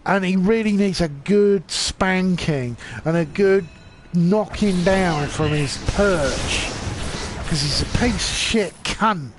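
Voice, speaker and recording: A man's voice: sits high, slow pace, noisy background. A drunk man with an English accent, rambling and ranting with a lot of swearing in a casual live-stream chat while gaming. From England.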